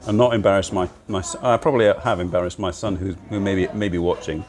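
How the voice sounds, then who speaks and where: A man's voice: sits low, fairly even intonation, fast talker, darkish tone. A middle-aged man chatting casually on a livestream from a cafe, laughing often and poking fun at himself, recorded on a laptop mic. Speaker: livestream host.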